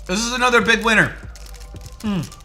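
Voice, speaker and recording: A young man hosting a casual livestream, excitedly greeting chat viewers by name and hyping things up as he talks. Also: high voice, moderate pace, soft background music. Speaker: livestream host.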